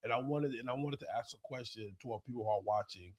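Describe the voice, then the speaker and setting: A man from South Florida co-hosting a podcast, telling animated stories and putting questions to the audience. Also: medium pitch, fast talker, no echo. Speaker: podcast co-host. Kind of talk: casual chat.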